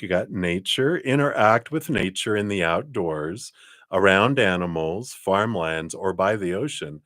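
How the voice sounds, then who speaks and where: A man's voice: deep voice, dry recording, studio quality. A man giving live-stream tarot readings, chatty and upbeat, rambling from card to card. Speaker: tarot reader.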